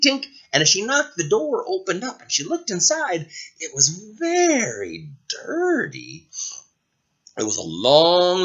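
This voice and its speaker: A man, a preschool teacher, telling a fairy tale to young children in an expressive storytelling manner. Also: high voice, lo-fi sound. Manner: animated and expressive.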